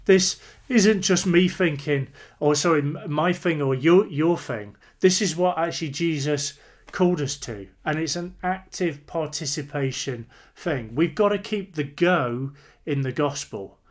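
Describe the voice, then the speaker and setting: A man's voice: a little high, lively intonation, a little slow. A man preaching a sermon in an earnest, emphatic way, repeating phrases for weight.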